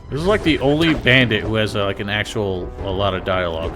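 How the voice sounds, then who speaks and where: A man's voice: on the low side, animated, fast, music in the background. A man streaming a video game live, musing aloud in a chatty way and filling his talk with "like". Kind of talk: casual live-stream commentary.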